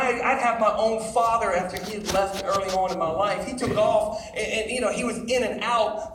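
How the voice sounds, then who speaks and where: A middle-aged man preaching to teenagers in an animated way, calling out for the crowd to answer him. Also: high-pitched. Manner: animated, calls for audience responses. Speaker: youth speaker. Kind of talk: sermon. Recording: echoey hall from far off with faint noise.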